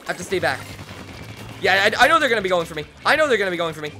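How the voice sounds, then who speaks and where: A young man streaming a video game live, excitable and self-deprecating, talking to his chat as he plays. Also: high-pitched, very fast, soft background music. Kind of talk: live gameplay commentary.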